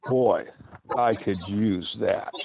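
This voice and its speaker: A man's voice: fairly low pitch, slow, vocal fry. A man playing a harried, overworked lawyer. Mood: weary. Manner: weary, complaining. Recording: tinny phone-like sound, faint hiss.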